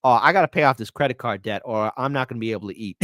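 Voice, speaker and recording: A man co-hosting a casual political podcast, telling things in an animated way, acting out quoted voices and restarting often. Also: mid-range voice, racing, no echo, studio quality. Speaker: guest co-host.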